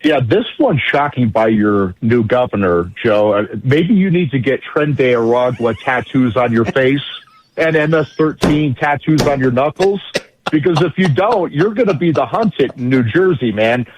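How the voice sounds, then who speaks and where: A man's voice: mid-range voice, expressive, moderate pace, a little hiss or hum, low-quality recording. A man giving a combative radio interview as a guest, blunt and emphatic, hammering his points through repetition. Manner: blunt, emphatic, repeats phrases for force. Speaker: guest legal commentator.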